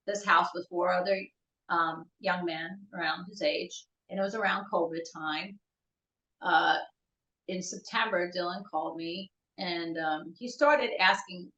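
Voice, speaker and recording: Middle-aged woman, halting and tearful. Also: fairly low pitch, fairly bright tone, roomy sound, lo-fi sound. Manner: halting, searching for words. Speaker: podcast guest, bereaved mother. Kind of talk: emotional personal storytelling.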